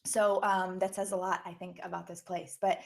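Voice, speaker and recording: A woman's voice: on the low side, little pitch movement, normal speed, gravelly. A young woman hosting a live webinar from home, chatting casually into her own microphone, friendly and full of fillers as she greets viewers by name. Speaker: webinar host. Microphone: own microphone on a live stream.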